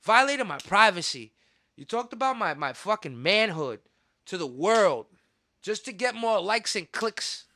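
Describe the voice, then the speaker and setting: A man hosting a podcast, ranting in a heated, profane way with sudden loud outbursts. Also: sits high, sing-song, a little slow, no room sound, clean studio sound. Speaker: podcast host. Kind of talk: casual podcast rant.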